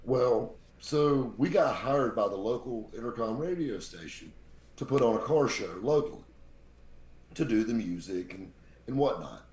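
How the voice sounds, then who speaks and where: A man with a very deep voice, telling lively stories as a podcast guest and acting out the people he quotes. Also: unhurried. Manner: animated anecdote-teller, acts out quoted people. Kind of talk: casual storytelling. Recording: roomy echo.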